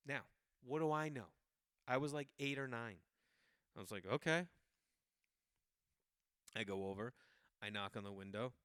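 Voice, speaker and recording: A middle-aged man, hosting a podcast and telling a rambling, animated story in a casual monologue. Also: on the low side, clear, resonant tone, dry recording, clean studio sound. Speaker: podcast host.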